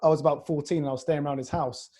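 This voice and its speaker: An Iraqi podcast host and fitness coach chats casually on a video call podcast, telling stories and laughing a lot. His voice is on the high side and slightly rough with a dark tone, delivered rapid-fire in a steady tone.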